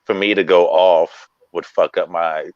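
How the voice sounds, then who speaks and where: A man's voice: low voice, fairly even intonation, a little slow, no room sound, highs cut off. A man telling stage stories in casual chat as a guest comedian, laid-back and acting out quoted lines, heard over a video call.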